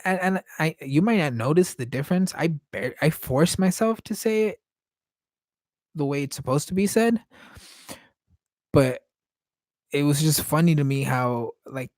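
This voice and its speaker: A man's voice: fairly high pitch, a little mellow, dry recording. Hesitant man rambling, dry sound. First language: Spanish. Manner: hesitant, searching for words, casual swearing. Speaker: podcast host painting live. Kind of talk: casual rambling monologue.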